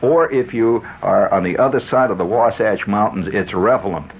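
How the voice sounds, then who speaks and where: A man's voice: lowish voice, normal speed, husky. A man hosting a radio show, telling stories in a wry, sardonic monologue with chuckling asides. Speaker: radio host. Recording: tinny old radio broadcast with faint hiss.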